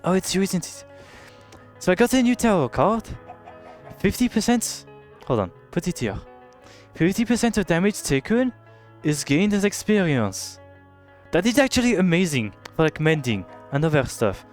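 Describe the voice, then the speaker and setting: A young British man commenting casually on a game he is playing, swearing and reacting loudly to what happens on screen. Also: high-pitched, very animated, moderate pace, faint music behind. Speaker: streamer.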